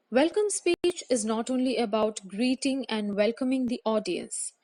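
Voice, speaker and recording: A woman teacher with an Indian English accent, giving a measured, scripted lesson on public speaking and listing her points one by one. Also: fairly high pitch, darkish tone. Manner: measured, instructive, enumerating points.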